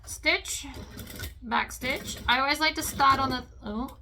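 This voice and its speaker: In an unhurried, high voice with a bright, forceful tone, a woman narrates a laid-back sewing tutorial over a little hiss or hum and the whir of her machine. She's chatty, mutters to herself while working, and clearly enjoys her stitching.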